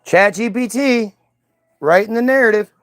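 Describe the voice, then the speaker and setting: A man's voice: high voice, moderate pace, no room sound. A man giving heated, profane commentary, stumbling and repeating words as he reads aloud and reacts. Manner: ranting, profane, repeats words when worked up.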